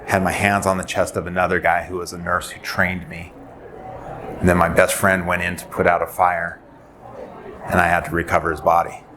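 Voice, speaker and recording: Man, forties, nurse speaking to a crowd; deep low voice, earnest storyteller who acts out dialogue, audible room noise. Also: flat delivery, moderate pace, pushed and bright. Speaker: nurse and suicide prevention speaker. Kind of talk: personal story in a presentation. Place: presentation venue. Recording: noisy live presentation audio.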